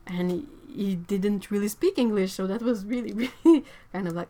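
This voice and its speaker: A woman's voice: mid-range voice, normal speed, hardly any pauses, warm tone. A woman hosting an art livestream from home. She chats casually, reads viewer comments aloud, rambles and laughs often. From Quebec, Canada. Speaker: artist livestream host.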